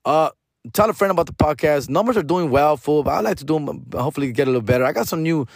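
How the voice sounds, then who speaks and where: A man's voice: on the high side, animated, quick pace, husky, dry recording, studio quality. A middle-aged man hosting a casual podcast monologue, talking in a slangy, profane, rambling way and mixing in Spanish words. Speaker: podcast host.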